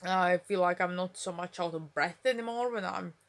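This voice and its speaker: A woman's voice: on the low side, moderate pace. A young woman vlogging at home on her phone, mumbling and rambling with lots of fillers. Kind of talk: casual talk to camera. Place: at home, indoors.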